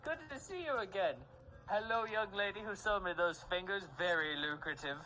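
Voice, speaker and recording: A man's voice: moderate pace, faint music behind, poor audio. A man voicing a courteous, pompous nobleman who speaks with over-polite manners. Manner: genteel, overly polite, lively pitch.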